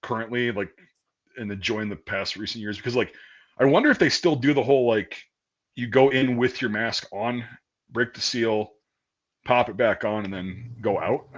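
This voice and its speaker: A man telling a basic-training story in casual chat, profane and animated, acting out the quotes loudly. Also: medium pitch, moderate pace, highs cut off. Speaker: podcast host telling a story.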